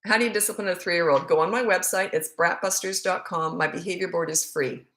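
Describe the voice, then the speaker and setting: A woman's voice: on the low side, brisk, a bit bright, echoey room. A middle-aged woman parenting coach answering questions in a casual, candid live Q&A, often laughing. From Canada. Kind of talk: casual livestream Q&A.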